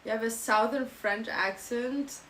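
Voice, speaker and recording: A woman's voice: a little high, a little slow, a bit bright, slight background noise, low-quality recording. Playful young woman with a German accent. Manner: playful, jokey, switching into silly mock phrases. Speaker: streamer. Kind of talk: casual chat reading live chat.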